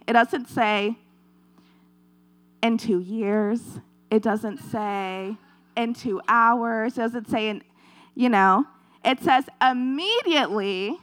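A woman's voice: a little high, a bit bright. A woman giving an earnest devotional talk, retelling a scripture story in a conversational preaching style and repeating her points.

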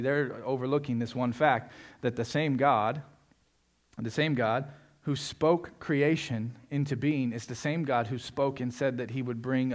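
Male pastor delivering a sermon, emphatic peaks, mid-pitched voice. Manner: swings from quiet reflection to loud emphatic preaching.

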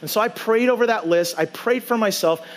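A man's voice: sits high, a little fast. A male pastor preaching a conversational sermon in a church, telling a story and acting out his own side of the dialogue. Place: church sanctuary.

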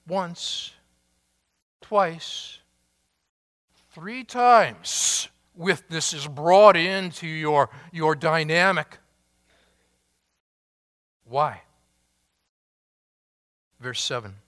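A man preaching a sermon, slow and emphatic, drawing out key words with long pauses. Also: fairly high pitch, sharp tone. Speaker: pastor.

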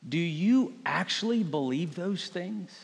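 A man's voice: high voice, animated, takes it slowly, gravelly, long reverb tail. A man preaching a sermon as pastor, leading his congregation through spoken declarations. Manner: leads congregation in call-and-response declarations.

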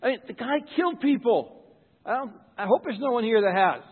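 A man's voice: very high voice, expressive, a little fast, slightly rough, in a large hall, narrow, tinny audio. A pastor giving a sermon in church, earnest and conversational, often repeating words as he starts a thought.

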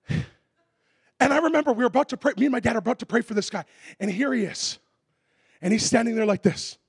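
High-pitched gravelly man preaching. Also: no echo, clean studio sound. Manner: animated, comic, shouts sound effects. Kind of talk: sermon storytelling.

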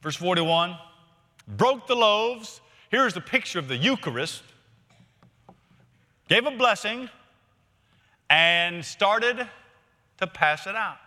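Bright-voiced preacher in a reverberant hall. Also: male voice, high-pitched, animated, takes it slowly, long pauses. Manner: conversational, storytelling preaching with rhetorical questions. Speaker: pastor. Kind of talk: sermon.

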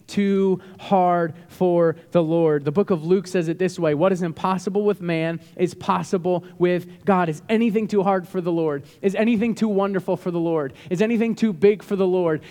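A man preaching a sermon as a pastor, animated and emphatic, with bursts of rising intensity. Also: sits high. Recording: long hall reverb.

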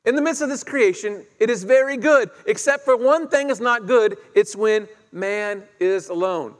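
In an echoey hall with long reverb, a man with a high-pitched voice preaches a sermon at a moderate pace. He retells the story conversationally, putting questions to the congregation.

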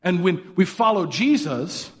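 A man's voice: high voice, big pitch swings, a little slow, a bit bright, slightly rough. A man preaching a sermon as pastor, talking casually and asking the congregation rhetorical questions. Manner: conversational, rhetorical questions, mocking put-on voices for quotes.

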